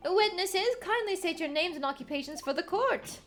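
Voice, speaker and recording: A woman's voice: extremely high pitch, expressive, normal speed, a bit bright, faint music behind, pitched above the performer's own voice. A woman voicing a formal male judge presiding over a trial.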